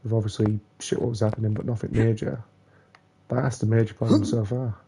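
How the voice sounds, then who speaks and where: A young man swearing and ranting angrily while commenting on his own gameplay, muttering curses under his breath between louder complaints. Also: fairly low pitch, level tone, a little fast, creaky, husky. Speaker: gamer playing a platform game.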